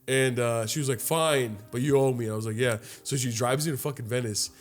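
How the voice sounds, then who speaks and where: Profane animated young man telling a story. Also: medium pitch, brisk, few pauses. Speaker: podcast co-host. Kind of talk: casual chat.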